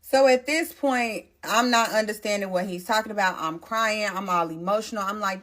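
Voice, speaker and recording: A woman's voice: medium pitch, a little fast, few pauses, a bit bright. A pregnant woman telling a storytime vlog, speaking straight to her viewers and repeating phrases for stress.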